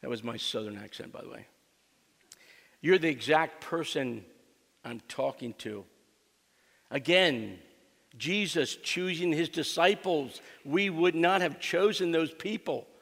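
Preaching in a church sanctuary, a man weaves a joking personal story together with emphatic, repeated lines for his church. His fairly high, slightly bright voice moves at a measured pace with vocal fry and frequent pauses, echoing in a large hall.

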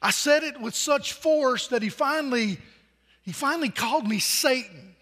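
A man's voice: very high voice, expressive, normal speed, bright, forceful tone, long reverb tail, exaggerated voice. A preacher voicing a sheepish married fisherman who confesses his bad day to his wife.

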